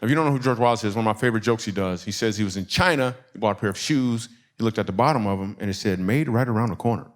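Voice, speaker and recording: A comedian from Michigan tells stand-up stories in a church, speaking at medium pitch. He's animated and conversational, laughing through his own punchlines.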